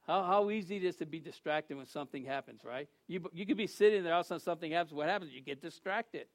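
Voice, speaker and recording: A man preaching a sermon as a pastor, animated, acting out the people he quotes in shifting voices. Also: a little high, fast talker, no echo. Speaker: assistant pastor.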